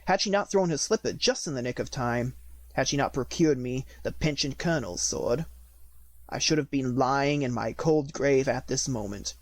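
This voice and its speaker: A man's voice: mid-range voice, moderate pace, no echo, close to an everyday voice. A man reading an audiobook, voicing a courtly young nutcracker prince who speaks formally and earnestly. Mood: solemn.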